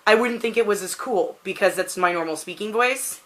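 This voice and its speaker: A woman's voice: medium pitch, fairly quick, fairly bright tone. A woman in her thirties with a Pacific Northwest American accent, rambling casually through a question tag with lots of "like" fillers. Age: 30s. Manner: rambling, chatty, frequent "like" fillers. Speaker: vlogger answering a question tag. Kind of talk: casual chat.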